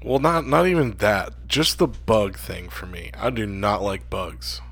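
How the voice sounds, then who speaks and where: A man's voice: on the low side, unhurried, creaky, a bit bright, breathy edge. A man in a laid-back casual chat, swearing offhandedly.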